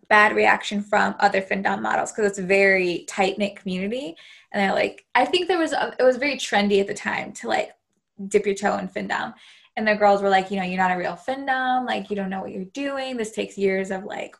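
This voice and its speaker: A woman's voice: on the high side, vocal fry, a bit bright. A woman hosting a podcast interview, chatting earnestly with many fillers. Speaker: podcast host. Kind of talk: casual interview chat.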